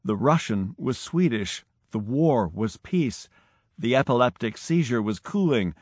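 A man narrating an audiobook in a measured, dramatic storytelling manner. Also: medium pitch, lively intonation, breathy edge, no echo, clean studio sound. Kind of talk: scripted narration.

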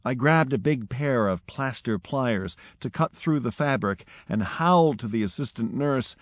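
A man narrating an audiobook in a measured, dramatic storytelling manner. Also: mid-range voice, expressive, dry recording. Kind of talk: scripted narration.

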